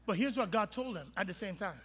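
A male pastor preaching a sermon in an animated, humorous and colloquial way, in a church sanctuary. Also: sits high, a little fast. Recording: long reverb of a large hall.

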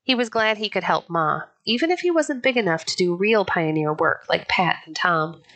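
A woman narrating a children's pioneer story in a clear, even, unhurried storybook reading. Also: medium pitch. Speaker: audiobook narrator.

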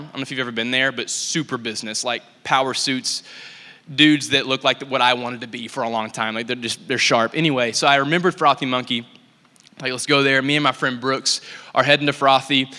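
A young man tells stories from the stage of a church in a loose, chatty way, with plenty of likes and ums. His voice is bright and forward, and a long hall reverb trails after each phrase. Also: mid-range voice. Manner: casual, animated, full of likes and ums. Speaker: church speaker. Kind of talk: storytelling sermon talk.

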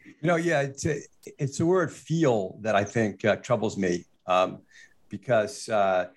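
A man with a lowish voice talks thoughtfully in a casual business podcast chat. He weighs his points, often pausing with fillers before going on. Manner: thoughtful, with frequent fillers and restarts. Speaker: managing partner, regular podcast guest.

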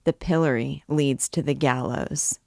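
Stern middle-aged churchman, read by a woman, low and grave. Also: fairly even intonation, measured pace, vocal fry, a little mellow, dry recording, clean studio sound, heavily acted. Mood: warning. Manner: grave, admonishing. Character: stern gloomy middle-aged male archdeacon.

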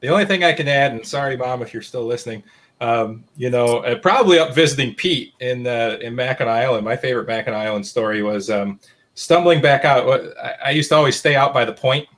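A man host spinning a rambling, easygoing anecdote on a casual podcast. His voice sits at an ordinary middle pitch, and he leans on fillers and restarts. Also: brisk, fairly bright tone. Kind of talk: casual chat.

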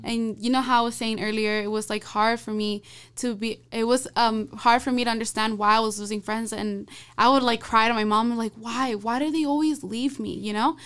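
A woman's voice: a little high, little pitch movement, fairly quick, fairly bright tone, clear, resonant tone. A young woman sharing her thoughts in a casual faith discussion, hesitant and giggly, full of fillers.

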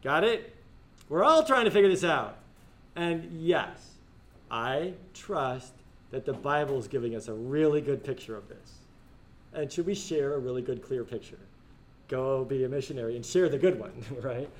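A man teaching a classroom discussion, animated and joking, often laughing as he talks. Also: mid-range voice, moderate pace, slight background noise. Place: school classroom.

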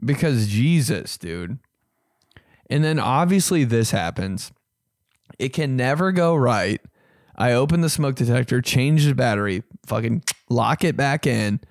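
A young man telling comic stories on his podcast, animated and profane, squeaking high to imitate a beeping alarm. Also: measured pace, no echo, clean studio sound. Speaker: comedian podcast host. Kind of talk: casual comedic storytelling.

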